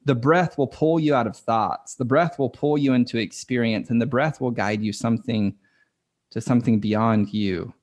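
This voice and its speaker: A man with a voice of ordinary pitch speaks as a coaching guest on a podcast. His talk is casual and earnest, full of loose filler words. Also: moderate pace, a little mellow. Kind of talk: conversational podcast interview.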